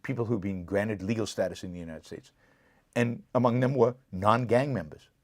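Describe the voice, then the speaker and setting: Man, show host, live commentary, indignant, impassioned, fairly low pitch, dry recording. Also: normal speed, darkish tone, dry recording.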